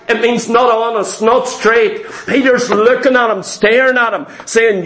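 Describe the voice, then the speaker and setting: A male preacher giving an emphatic sermon in church, repeating key phrases and slowing down to stress them. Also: very high voice, steady tone, a bit bright, reverberant, rough recording.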